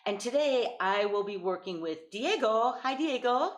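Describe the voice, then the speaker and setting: A woman's voice: on the high side, animated, unhurried, roomy sound. A woman teaching an online voice lesson, patient and encouraging, demonstrating vocal exercises over a video call.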